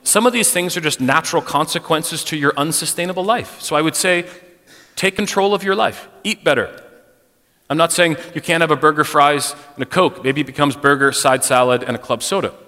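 A man's voice: a little high, brisk, pushed and bright. A man giving a sermon to a congregation, telling personal stories in a conversational, self-deprecating way. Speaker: speaker addressing a congregation. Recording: long hall reverb.

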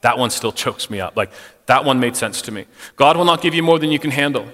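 A man's voice: medium pitch, animated, fast, fairly bright tone. A middle-aged man giving a candid, conversational church talk, speaking frankly and personally to the congregation. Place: church sanctuary. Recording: long hall reverb.

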